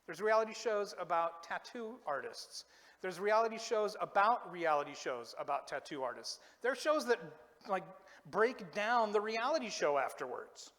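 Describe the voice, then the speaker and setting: A man preaching in a relaxed, joking way, poking fun at himself as he talks to the congregation. His voice sits a little high for a man and rings with a long echo off the church hall. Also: moderate pace. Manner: chatty, self-deprecating, joking asides. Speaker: pastor. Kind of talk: casual humorous sermon. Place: church sanctuary.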